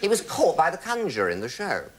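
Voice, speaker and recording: A man's voice: a little high, fast talker, very noisy. A man telling a comic anecdote to a studio audience, arch and theatrical. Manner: theatrical, arch, animated storytelling. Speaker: comic raconteur.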